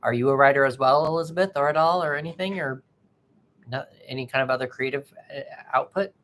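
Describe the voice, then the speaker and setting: Male tarot reader hosting a live stream, casual and chatty with his viewers, often pausing mid-sentence. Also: mid-range voice, fairly bright tone. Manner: chatty, halting, greets viewers by name. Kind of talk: casual livestream chat with viewers.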